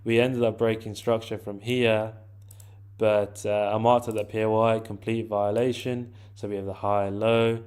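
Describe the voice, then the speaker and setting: A man with a lowish voice walks through a trade on a chart in a relaxed, informal way. His pitch barely moves, so the talk comes out level and even as he circles back and restarts his sentences. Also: moderate pace, clear, resonant tone. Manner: informal, chatty, often restarts and says "to be fair". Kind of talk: casual screen-share trading walkthrough.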